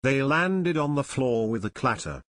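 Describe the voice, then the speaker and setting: A man narrating an audiobook in a steady, even storytelling manner. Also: medium pitch, a little slow. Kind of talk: scripted narration.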